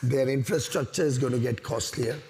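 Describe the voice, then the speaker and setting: A man's voice: medium pitch, a little fast, a little mellow, a little hiss or hum. A man with an Indian English accent, speaking as a government minister on a discussion panel in an assertive, emphatic way. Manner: assertive, emphatic, with repeated points.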